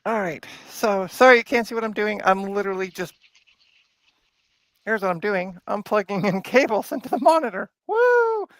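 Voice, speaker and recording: A woman talks through her hands-on tinkering in a casual live stream, playful and chatty. Her voice swings widely in pitch and carries some gravel, and the mic sound is close and dry. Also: lively intonation, normal speed, no room sound. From Canada. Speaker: streamer hosting a hardware repair stream. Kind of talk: casual live-stream chat while working. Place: home workbench.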